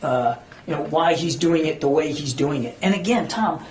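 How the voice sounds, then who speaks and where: Speaking for the government, a man with a fairly high voice takes reporters' questions at a moderate pace in an echoey briefing room. His answers come across as earnest and emphatic, with occasional searching for the right words.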